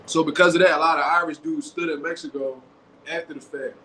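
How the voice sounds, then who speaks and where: A man hosting a casual commentary show, talking in animated slang. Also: on the high side, a little fast. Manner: animated, slangy, acts out quotes. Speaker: boxing show host. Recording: echoey room with faint background noise.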